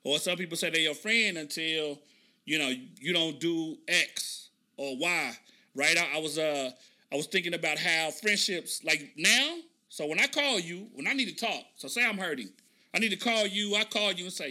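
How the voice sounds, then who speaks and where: A man with a high, very bright voice talks through his thoughts on a podcast. He reacts to an interview clip in a loose, slangy, reflective way, circling back to his points as he goes. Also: normal speed. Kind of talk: casual reaction commentary.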